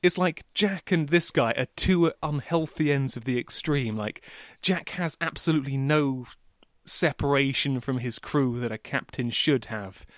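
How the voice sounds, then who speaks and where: A man talking in a casual podcast chat, animated and quick to laugh, throwing in the odd swear word. His voice sits at an ordinary middle pitch and comes across dry and close to the mic. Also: dry recording. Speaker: podcast co-host. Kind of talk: casual book discussion.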